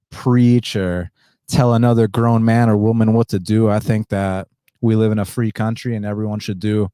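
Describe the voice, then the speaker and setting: A podcast host, a man, talking in a subdued indoor voice, short of breath and pausing for deep breaths, blunt and profane. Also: warm tone, no echo, studio quality. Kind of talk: casual podcast monologue.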